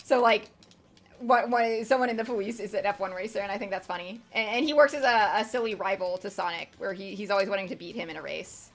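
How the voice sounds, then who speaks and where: A woman's voice: medium pitch, fast. A young woman streaming a video game, chatting casually in a rambling way, with lots of fillers and casual swearing. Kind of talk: casual gameplay commentary.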